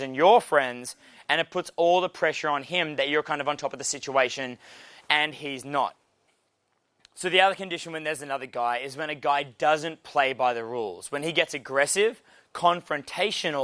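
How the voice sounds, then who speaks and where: Australian male coach, young, brash and profane, bright forceful tone, slightly high voice. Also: no echo. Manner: brash, swearing, animated storytelling. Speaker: dating coach. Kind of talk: casual instructional talk.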